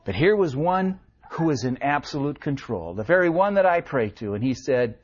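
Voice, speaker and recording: A man preaching a sermon as pastor, earnest and impassioned, swinging from raised cries down to hushed, quiet lines. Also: a little high, animated, moderate pace. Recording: dull lo-fi sermon recording.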